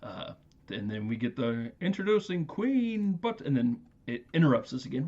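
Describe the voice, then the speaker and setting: A man's voice: medium pitch, sing-song, moderate pace, dark tone. Man recapping a film, dull lo-fi sound. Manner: laughing, acts out movie quotes. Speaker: podcast host. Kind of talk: casual film recap chat. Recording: dull lo-fi audio.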